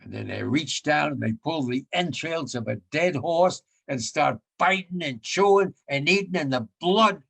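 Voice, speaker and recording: His voice carries vocal fry and a slight roughness. A U.S. World War II veteran now in his nineties, he shares blunt, vivid personal memories, going quiet and low whenever feeling overtakes him.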